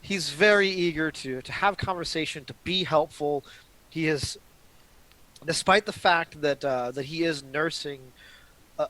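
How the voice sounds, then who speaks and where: A man running a tabletop role-playing game, narrating in a relaxed, halting way with frequent pauses and restarts. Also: a little high, poor audio. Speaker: game master.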